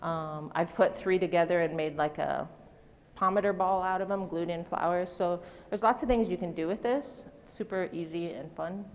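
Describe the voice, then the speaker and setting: A middle-aged woman speaks at a moderate pace in a fairly low voice, with slight background noise, while showing floral design live on stage. Self-deprecating and talkative, she banters with the audience; the large convention hall adds long reverb to the recording.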